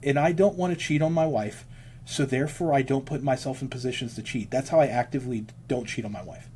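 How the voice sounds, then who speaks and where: A man talking casually as an interview guest, a worship leader, rambling fast and breaking into lines of hymns. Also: mid-range voice, mellow, a little hiss or hum.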